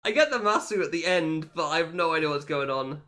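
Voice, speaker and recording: Laughing, animated young streamer guy. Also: a little high, a little fast. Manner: laughs a lot, joking, self-mocking. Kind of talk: casual live-stream chat.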